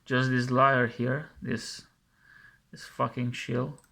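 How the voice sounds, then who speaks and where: A man's voice: mid-range voice, level tone, slow, vocal fry, pushed and bright. A man commenting scornfully over a video he plays, mocking and scolding its makers and often repeating himself.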